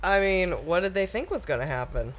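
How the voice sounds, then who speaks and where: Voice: mid-range voice, expressive, fairly quick, a bit bright. A co-host in a casual comedy chat, chiming in with playful, laughing remarks.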